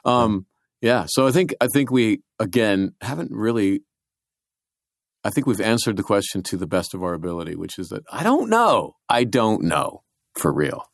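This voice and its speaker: Low-voiced guy on a podcast, kinda earnest and rambly, dry sound. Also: very animated, normal speed, creaky, dry recording. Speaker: podcast co-host. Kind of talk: casual chat.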